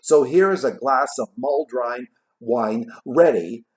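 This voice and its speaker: A man's voice: mid-range voice, unhurried, natural voice. A man doing a hearty young nephew's toast.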